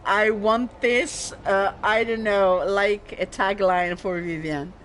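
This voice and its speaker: A woman streaming a video game, chatting casually in a halting way and laughing easily. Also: medium pitch, fairly even intonation, slight background noise. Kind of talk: casual gameplay commentary.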